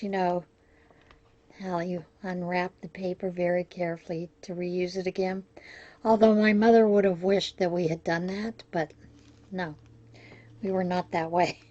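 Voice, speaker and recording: Lady yarn vlogger opening happy mail, chatty and gushy, soft mellow voice. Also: on the low side, muffled recording. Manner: chatty, gushing over each item. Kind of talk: casual unboxing chat.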